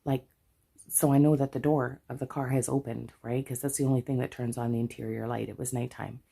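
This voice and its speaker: A woman's voice: a bass voice, level tone, fairly quick, vocal fry, warm tone, breathy edge. A middle-aged Canadian woman telling a story in a casual chat, chatty and full of asides. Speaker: budgeting vlogger.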